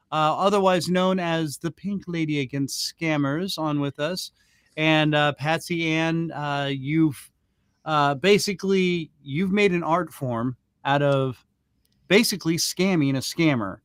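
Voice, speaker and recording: A man's voice: a little high, a bit bright, clean tone, no echo, clean studio sound. A man hosting a casual talk show, hesitant, with many ums and restarts. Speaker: host.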